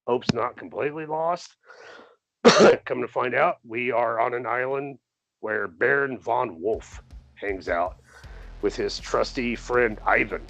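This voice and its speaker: A man's voice: mid-range voice, slow, vocal fry, a bit bright, no room sound, soft background music, poor audio. A man co-hosting a podcast, casually reviewing a movie in a rambling, profane way, laughing often and acting out the characters. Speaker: podcast co-host.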